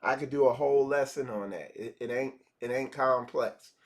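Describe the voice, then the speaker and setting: With a medium pitch and a moderate pace, this spiritual teacher talks conversationally through a casual livestream lesson. He repeats phrases and plays out little dialogues.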